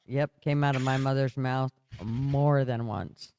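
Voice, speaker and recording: A man's voice: medium pitch, lively intonation, measured pace, hardly any pauses, darkish tone, smooth, dry recording. A man telling family stories in a chatty, casual podcast conversation, laughing as he talks. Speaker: podcast co-host. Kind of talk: casual storytelling chat.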